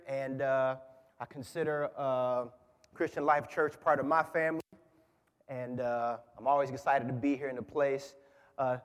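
A man in his forties, a guest preacher, giving a sermon in a lively, joking, conversational way. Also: a little high. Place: large church. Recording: church with long reverb. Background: congregation.

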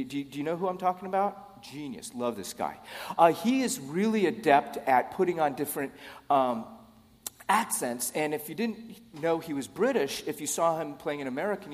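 Brief: a middle-aged male pastor, conversational sermon, slightly high voice, long church reverb. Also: lively intonation, normal speed. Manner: conversational, repeats words when starting phrases.

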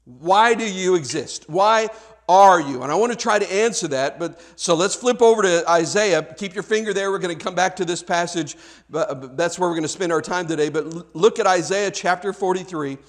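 A pastor delivering a sermon in a high-pitched male voice. He preaches conversationally, stumbling and restarting often, and turns to question the congregation directly. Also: fairly quick.

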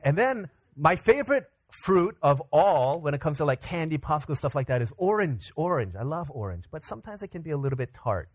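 Animated storytelling pastor, man. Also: mid-range voice, dry recording. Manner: animated storyteller, acts out quotes. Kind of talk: sermon with personal storytelling.

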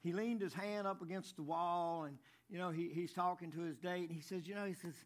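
A man's voice: sits high, steady tone, a little fast. A man preaching a folksy sermon, stumbling over and repeating words as he tells jokes. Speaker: pastor.

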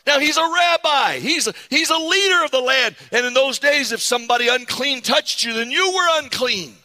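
A man preaching to his congregation, his voice high and very bright. He is animated and keeps calling out for amens. The sound rings with a long hall echo. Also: normal speed. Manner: animated, calls on the congregation to respond. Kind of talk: sermon. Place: church sanctuary.

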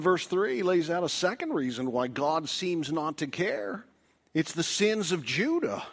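A male preacher in middle age delivers a sermon at an unhurried pace. His fairly high voice moves up and down a great deal as he goes. He swings between loud, pleading cries and hushed whispers. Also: big pitch swings, creaky. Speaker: pastor.

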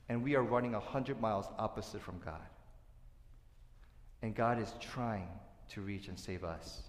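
A man preaching a sermon as pastor, earnest, dropping to soft asides and then rising to loud, emphatic points. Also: medium pitch. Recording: echoey hall with long reverb.

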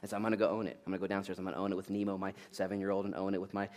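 A man in his thirties preaching a sermon, jokey and animated, swinging between loud bursts and quiet asides. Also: sits low, very fast. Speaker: pastor.

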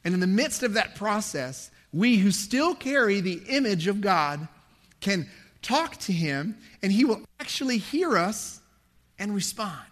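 A man with a high voice preaches a Bible passage in an easygoing, conversational sermon. He pokes fun at himself and lifts his voice to stress a point. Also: sing-song, unhurried, fairly bright tone. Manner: conversational, self-deprecating, rises in pitch for emphasis. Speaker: pastor.

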